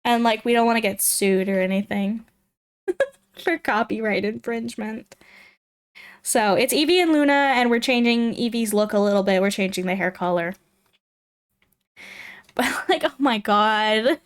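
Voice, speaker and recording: A young woman streamer with a slightly high, smooth voice chats at a moderate pace while playing a game. She rambles aloud casually and giggles often throughout the livestream.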